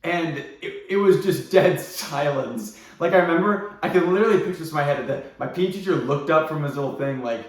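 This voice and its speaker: A man's voice: fairly high pitch, fairly quick, hardly any pauses. A young man telling a story from his own life in a casual, rambling and self-deprecating way, with many fillers and restarts. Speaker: vlogger. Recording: very echoey room.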